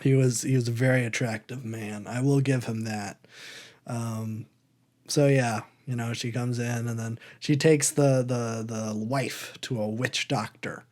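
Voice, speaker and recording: A man's voice: medium pitch, steady tone, unhurried, a little mellow. A man co-hosting a podcast in casual chat, rambling and wry, hedging as he goes. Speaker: podcast co-host.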